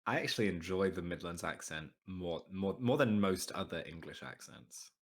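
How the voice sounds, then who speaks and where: A man with an Australian accent hosting a casual podcast chat, talking haltingly with many restarts. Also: low voice, lively intonation. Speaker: podcast host.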